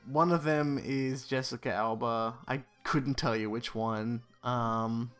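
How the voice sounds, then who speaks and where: A man's voice: medium pitch, fairly even intonation, takes it slowly, fairly bright tone, faint music behind. A man casually recapping a movie on a podcast, rambling with many fillers and dropping wry, sarcastic asides. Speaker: podcast co-host. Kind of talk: casual film recap chat.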